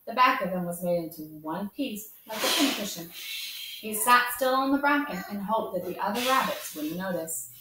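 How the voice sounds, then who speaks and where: A woman hosting storytime who reads a children's book aloud in a gentle, expressive way and adds chatty asides. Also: medium pitch, normal speed, background noise. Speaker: storytime host. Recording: echoey room, far from mic.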